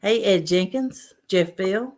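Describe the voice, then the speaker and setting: A woman's voice: mid-range voice, takes it slowly, a little mellow. A woman hosting a casual fishing livestream, reading out chat names and greeting viewers. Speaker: livestream host.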